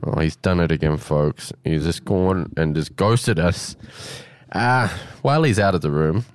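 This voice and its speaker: A man's voice: deep voice, measured pace. A man hosting casual community radio, rambling and teasing his co-host. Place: radio studio.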